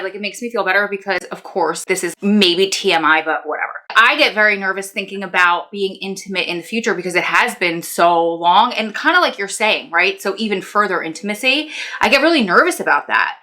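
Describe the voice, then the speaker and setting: Chatty New woman telling a story. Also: medium pitch. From New Jersey. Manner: chatty, animated, self-deprecating, quick bursts. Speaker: vlogger, wife of an inmate. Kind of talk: casual storytelling vlog.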